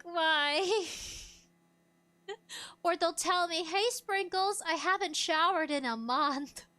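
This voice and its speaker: Woman streamer with a high, sharp voice who giggles constantly in animated livestream chatter. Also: slow pace, long pauses. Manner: giggly, animated, laughs often. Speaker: VTuber streamer. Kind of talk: casual livestream chat, reacting to a video.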